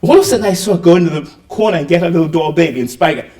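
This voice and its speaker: A man's voice: fairly high pitch, racing, hardly any pauses, dark tone. An older man giving a public lecture, asking the audience rhetorical questions and acting out the lines he quotes. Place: lecture hall. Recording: roomy hall, mic at a distance.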